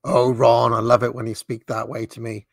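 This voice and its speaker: A stateswoman coos and flirts in a breathless, mocking parody, put on by a man. The gravelly grain shows through, and the sound is close and dry. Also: mid-range voice, level tone, moderate pace, no room sound. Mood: flirtatious. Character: a female prime minister cooing flirtatiously.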